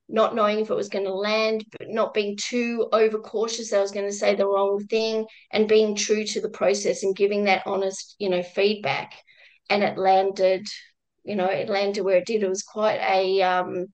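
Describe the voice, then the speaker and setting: A woman, a guest, telling a personal work story in a reflective, halting way with many restarts and some laughter. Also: mid-range voice, rough recording. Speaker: guest, former crisis-line volunteer.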